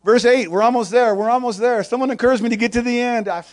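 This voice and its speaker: High-voiced preacher asking punchy questions. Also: male voice, fairly even intonation, fast talker. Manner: preaches in short call-and-response questions; quotes scripture in old-fashioned wording. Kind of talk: sermon.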